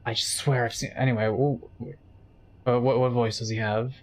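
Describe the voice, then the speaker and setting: A man's voice: medium pitch, flat delivery, moderate pace, slight background noise. Rambling, jokey male streamer. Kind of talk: casual chat while gaming.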